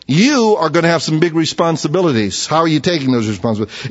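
A man's voice: a little high, expressive, fast, few pauses. A man preaching a sermon as pastor, conversational, with rhetorical questions and repeated words. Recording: dull, echoey church hall recording.

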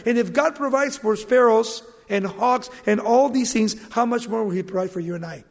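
A man's voice: very high voice, normal speed, few pauses, big-room sound. A middle-aged man, a pastor, preaching a sermon, asking rhetorical questions and joking with the congregation.

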